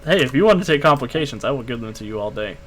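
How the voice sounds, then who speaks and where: A man's voice: medium pitch, animated, very fast, fairly bright tone, slight background noise. A man narrating a tabletop game as game master, easygoing and laughing often.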